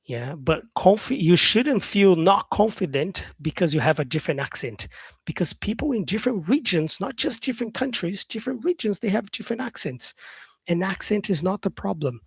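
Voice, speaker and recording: Guy teaching english on a live stream, kinda high voice, dry close mic, upbeat and encouraging, repeats stuff a lot. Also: lively intonation, moderate pace, creaky, slightly rough, no echo. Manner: upbeat and encouraging, repeats phrases, reads out viewer comments. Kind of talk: casual live-stream chat answering comments.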